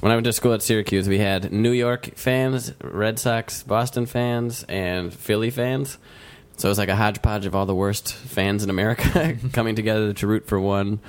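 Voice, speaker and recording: Brief: young male improv host, playful and laughing. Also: lowish voice. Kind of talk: improv comedy and casual chat.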